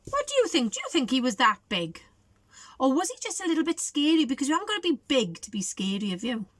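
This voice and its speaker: Animated woman reading to children. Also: high-pitched, fast, no echo. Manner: coaxing, asks children questions. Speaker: storybook reader for children. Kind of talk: children's read-aloud.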